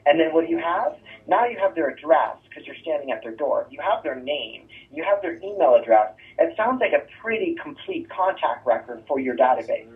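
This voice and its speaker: A man's voice: fairly high pitch, sing-song, fairly quick, hardly any pauses. A man teaching real estate agents door-knocking scripts, leaning on rhetorical "right?" asides as he coaches. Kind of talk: sales training talk. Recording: thin phone-like distant sound.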